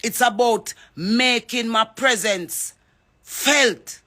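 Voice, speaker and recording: A woman's voice: on the high side, very slow, sharp tone. A Jamaican woman giving an impassioned address to her audience, calling people out by name and mixing patois into her English. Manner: fervent, calls out names, mixes patois with English. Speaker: reggae artist speaking out. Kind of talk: impassioned social media address.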